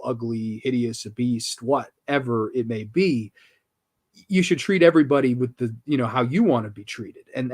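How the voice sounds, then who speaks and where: A man hosting a horror film review show, talking casually and enthusiastically, with casual swearing and lots of restarts. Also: mid-range voice.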